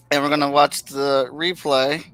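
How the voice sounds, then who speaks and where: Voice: medium pitch, pushed and bright, dry recording, rough recording. A show host in casual chat, giving brief, easygoing replies.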